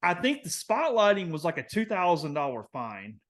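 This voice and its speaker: A young man with a Southern American accent, casually telling a long story on a podcast, rambling with lots of fillers and getting animated. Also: high-pitched, moderate pace. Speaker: podcast co-host.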